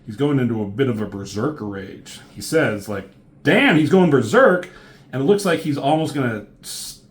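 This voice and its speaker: Rambling casual male comic reviewer. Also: lowish voice. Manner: rambling, lots of ums and likes, swears casually.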